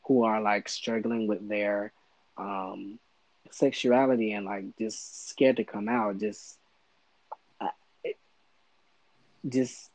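A man's voice: lowish voice, fairly even intonation, slow, long pauses, a little mellow, dry recording, low-quality recording. A young man, a podcast guest, talking in a casual interview and stumbling over his words as he goes. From United States.

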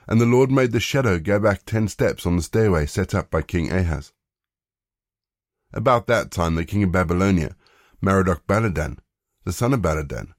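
A man reads scripture aloud in a very deep, low voice, measured and even. The recording is dry and close, with no room sound at all. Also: dry recording. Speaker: scripture reader. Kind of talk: scripted Bible reading.

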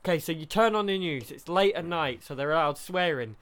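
Bright high-voiced man. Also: fairly quick. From United Kingdom. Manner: animated, swearing, joking impressions. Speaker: podcast co-host. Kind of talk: casual chat.

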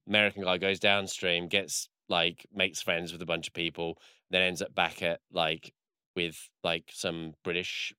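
A man's voice: deep voice, bright, forceful tone, clean tone, no room sound, studio quality. A man in casual chat, rambling through a story with lots of fillers and swearing.

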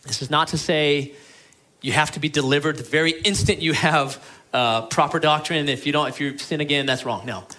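A pastor preaches to his church in an earnest, pleading way, shifting between forceful lines and quieter ones. His voice sits a little high.

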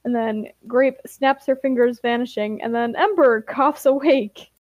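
A woman's voice: fairly high pitch, unhurried, dry recording, dull audio. A woman co-hosting a podcast, reading a fan story aloud casually with light character voices and asides.

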